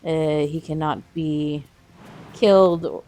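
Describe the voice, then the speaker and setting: A woman's voice: low voice, fairly even intonation, slow, mellow. A woman co-hosting a let's play, chatting casually and reacting as she plays. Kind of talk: casual gameplay chat.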